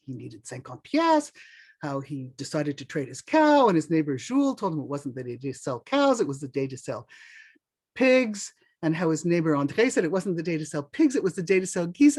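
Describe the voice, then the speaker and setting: Animated storyteller, folk tale for adults, very lively pitch, mixes in French words. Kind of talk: oral folk-tale telling.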